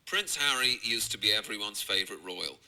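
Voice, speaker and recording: A British comedian giving a profane, mocking rant while reacting to video clips. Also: male voice, lowish voice, lively intonation, fairly quick, pushed and bright, rough recording. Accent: British English. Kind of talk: ranting commentary over video clips.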